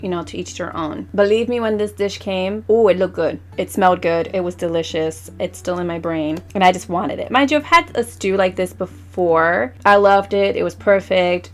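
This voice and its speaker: A woman vlogger telling a travel story in a casual, chatty voice-over, animated and full of fillers. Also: lowish voice.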